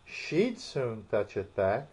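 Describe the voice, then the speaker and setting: A man voicing an eager, polite young girl in a storybook audiobook, raising his pitch. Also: big pitch swings, slow pace, a little mellow, breathy edge, heavily acted. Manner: earnest, pleading. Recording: muffled, dull audio.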